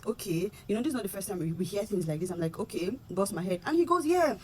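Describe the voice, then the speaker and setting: A young Nigerian woman with a Nigerian accent rants passionately to her phone camera in a vlog, speaking quickly in a warm tone and mixing in Pidgin. Earnest and aggrieved, she repeats words and rises in pitch when heated; there's a little hiss or hum.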